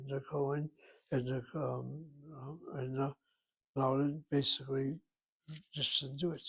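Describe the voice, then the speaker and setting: A man's voice: mid-range voice, vocal fry, breathy edge. A man teaching a Hebrew lesson from a textbook, thinking aloud, asking himself questions and spelling words out. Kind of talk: self-study lesson, reading from a textbook.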